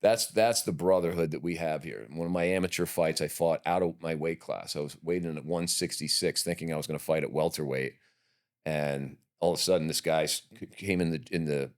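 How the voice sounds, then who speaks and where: A man's voice: a bass voice, fairly even intonation, brisk. A middle-aged man and podcast guest, telling rambling, profane anecdotes in a casual interview.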